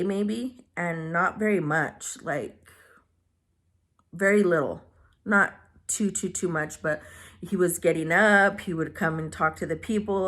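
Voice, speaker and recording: A woman vlogger telling a personal story to camera, soft-spoken and halting as she searches for words, grieving and holding back tears. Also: fairly low pitch. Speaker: beauty vlogger.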